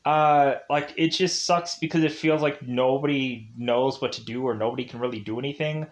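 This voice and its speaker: A man's voice: mid-range voice, steady tone, normal speed. A young man casually recapping a movie's plot, rambling with lots of "like" and "uh" fillers. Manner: rambling, heavy use of "like" and "uh".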